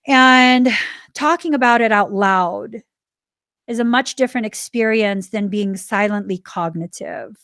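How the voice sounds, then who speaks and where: A woman in her forties hosting a spiritual self-help podcast, talking earnestly and stressing key words, sometimes dropping to a soft, reflective tone. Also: medium pitch, measured pace, smooth, no echo, clean studio sound. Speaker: podcast host.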